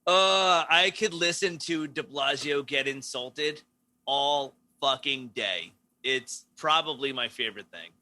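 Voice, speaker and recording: A man's voice: medium pitch, slow pace, sharp tone. A man co-hosting a casual comedy podcast, telling stories with lots of swearing and laughter, acting out quotes. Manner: profane, laughing, storytelling with acted-out quotes. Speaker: podcast co-host.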